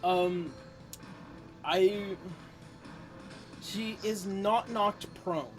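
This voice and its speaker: A woman narrating as game master of a tabletop game, casual and quick to swear at bad rolls. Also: medium pitch, over music. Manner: casual, swears when dice go badly.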